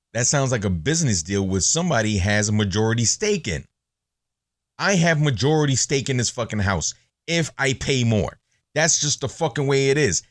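In studio-quality audio with no room sound, a man with a lowish voice hosts a podcast. His monologue is casual, blunt, and profane, told as animated stories.

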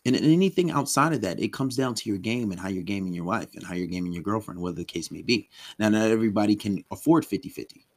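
A man with a very low voice talks through a relationship lesson. His delivery is loose and conversational, full of ums and restarts. He slips into quick acted-out quotes of the men he coaches. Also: lively intonation. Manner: loose and conversational, many ums and restarts, acts out clients' complaints. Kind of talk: casual spoken lesson.

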